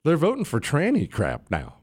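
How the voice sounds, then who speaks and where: A man's voice: fairly high pitch, moderate pace, husky. A middle-aged man hosting a political talk show, delivering an opinionated monologue and calling out to his producers and listeners. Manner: animated, opinionated, addresses producers and listeners directly.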